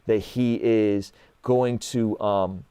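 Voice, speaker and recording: A man's voice: on the low side, extremely slow, clean tone, dry recording. A man in his thirties telling stories in casual conversation, acting out dialogue and often adding "like" and "right?". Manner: animated storyteller, acts out dialogue, frequent "like" and "right?". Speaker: guest.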